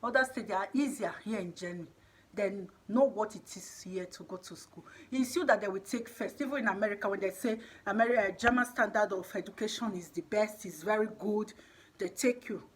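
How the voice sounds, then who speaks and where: A woman's voice: medium pitch, brisk, slight background noise. A woman giving an impassioned, emphatic monologue, exhorting and repeating her points. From Nigeria. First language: Edo.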